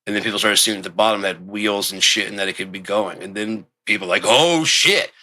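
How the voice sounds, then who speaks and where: A man delivering a rambling, profane monologue, swearing constantly and breaking into loud outbursts. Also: low-pitched, flat delivery, quick pace. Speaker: show host.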